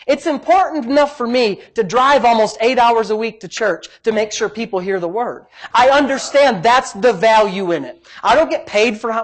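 A male pastor preaching a sermon in an emphatic, repetitive way, often breaking in with praise. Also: high-pitched. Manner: emphatic, repetitive, frequent "praise God" interjections.

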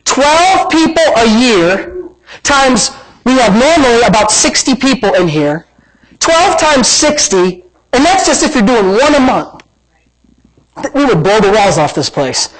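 A very animated pastor with a high voice and a breathy edge preaches at a measured pace on a low-quality recording. He repeats lines for emphasis and plays out imagined dialogue before guiding a prayer and altar call.

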